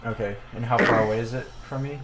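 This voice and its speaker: A man playing a tabletop game, calmly working out his moves aloud with fillers and pauses. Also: medium pitch, noisy background. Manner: measured, thinking aloud with fillers. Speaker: player. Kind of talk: casual tabletop play.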